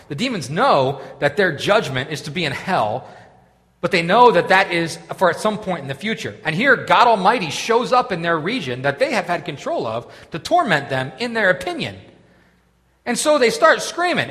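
A male pastor preaching a sermon, animated and conversational, moving between loud scripture reading and quiet asides. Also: high voice, moderate pace, big-room sound.

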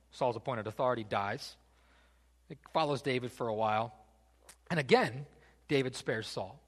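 A man preaching a sermon, telling the story in an animated, casual way with joking asides. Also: mid-range voice, big-room sound. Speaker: pastor.

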